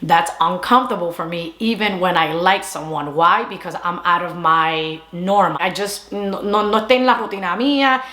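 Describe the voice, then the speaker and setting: Chatty woman telling a story. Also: lowish voice. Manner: animated, quick retelling with quoted dialogue. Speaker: vlogger. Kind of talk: casual storytime monologue. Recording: echoey room.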